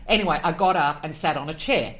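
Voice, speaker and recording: Brief: woman guest, expressive storyteller who acts out quoted voices; emotional, lower-pitched voice. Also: fast talker. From Australia. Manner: emotional, moved near tears. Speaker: guest, animal communicator. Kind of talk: storytelling in a podcast interview.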